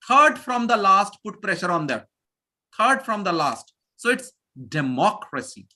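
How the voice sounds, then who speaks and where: A man's voice: sits high, very animated, measured pace, sharp tone, a little hiss or hum. A man with an Indian accent teaching a live online English lesson, emphatic and repeating words as he drills pronunciation.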